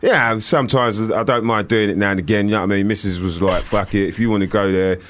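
Cockney radio co-host, male, brash and bright, keeps saying "you know what I mean". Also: on the low side, steady tone, fast. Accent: Cockney London. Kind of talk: comic banter.

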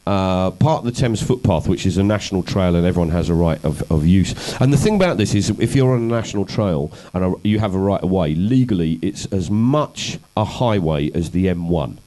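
A man being interviewed, telling long wry anecdotes about his comedy and activism in a relaxed, self-deprecating way. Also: deep voice, a little fast, hardly any pauses, rough recording. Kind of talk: conversational storytelling interview.

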